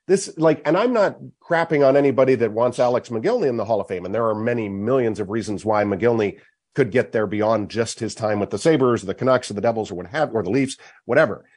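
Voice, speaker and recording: A man's voice: medium pitch, quick pace, darkish tone, husky. Man, sports talk host, emphatic, argumentative, hockey talk, charity golf event. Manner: emphatic, building his case point by point.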